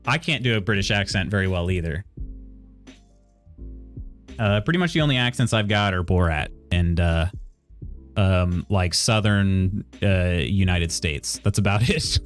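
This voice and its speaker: Rambling male game streamer, casual. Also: fairly low pitch. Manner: thinks aloud, rambling with many fillers and self-questions. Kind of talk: casual live-stream chat while playing.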